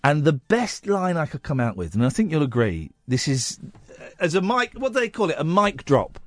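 A man hosting a radio phone-in, telling a rambling story in an animated way, in a studio at a studio mic. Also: fairly high pitch, normal speed, dry recording. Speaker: radio host. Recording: dry studio sound.

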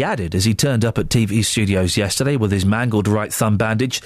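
A man's voice: fairly low pitch, brisk, few pauses, no echo. A man presenting a radio show in a studio, reading aloud and joking playfully with his co-hosts. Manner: playful, reads aloud mockingly. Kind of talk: joking breakfast radio chat. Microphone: studio microphone.

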